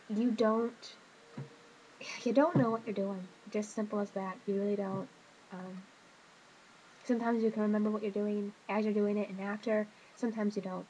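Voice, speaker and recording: A woman talks into her webcam at home in a confessional vlog, her voice flat and even in pitch. She is hesitant and emotional, with many pauses and fillers, and there is faint noise under her. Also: highs cut off. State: emotional, hurting. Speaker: vlogger.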